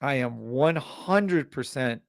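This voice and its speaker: Gravelly, blunt male livestream host. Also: medium pitch, animated, slow, no echo, studio quality. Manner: blunt, exasperated, swears freely. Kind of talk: live-stream sales pitch and rant.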